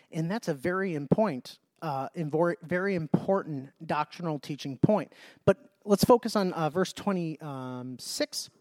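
A man's voice: high-pitched, dry recording, clean studio sound. A man preaching a verse-by-verse Bible sermon, reading scripture aloud and then explaining it earnestly, often restarting his sentences.

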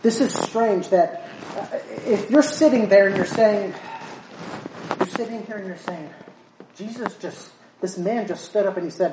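A woman preaching and reading scripture with emphatic, repetitive force that climbs toward shouts. She sounds set back from the mic, and her voice rings around a roomy hall with a faint hiss behind it. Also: medium pitch, a little slow. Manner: emphatic, repeats words, rising to near shouts. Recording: roomy echo, voice from far off.

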